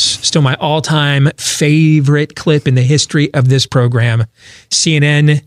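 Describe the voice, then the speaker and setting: A man's voice: on the high side, unhurried, no echo. A man hosting a political talk show, talking emphatically with rhetorical questions and frequent restarts.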